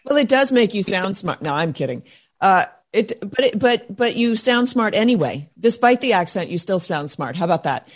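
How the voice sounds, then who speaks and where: A woman's voice: mid-range voice, sing-song, normal speed. A woman hosting a talk radio show, speaking emphatically and forthrightly as she interviews guests. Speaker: host.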